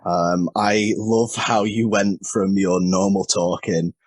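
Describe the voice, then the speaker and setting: A man with a fairly low, husky voice chats candidly as a guest, often poking fun at himself and laughing. The sound is dry and close, taken over a remote call. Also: steady tone, slow, no room sound. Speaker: wrestler and podcast guest. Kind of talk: casual chat.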